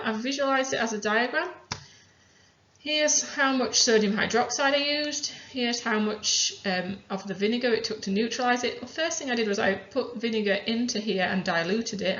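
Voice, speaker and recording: A woman chemistry teacher calmly talking through worked examples step by step. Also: mid-range voice, fairly quick, hardly any pauses, a little hiss or hum. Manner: methodical, talks through each step aloud. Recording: roomy, dull lo-fi sound.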